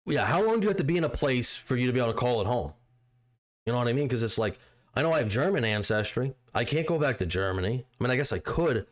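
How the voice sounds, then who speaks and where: An American man co-hosting a casual political podcast. His pitch sits in the middle of the range, and his delivery wanders, padded with fillers and restarts as he talks his way toward a point. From United States. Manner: rambling, hedging with "you know" and "like". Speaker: podcast co-host.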